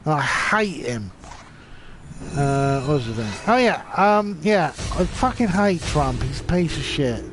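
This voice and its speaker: A man's voice: a little high, expressive, unhurried, background noise. A drunk man with an English accent, rambling and ranting with a lot of swearing in a casual live-stream chat while gaming. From England.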